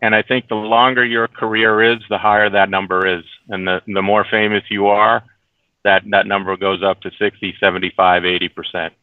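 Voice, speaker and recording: A low-pitched man speaks earnestly as an interview guest, often restarting and repeating words as he goes. His voice comes through a thin, tinny phone line with no room sound. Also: level tone, a little fast, no echo. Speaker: documentary producer, interview guest. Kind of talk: casual remote interview.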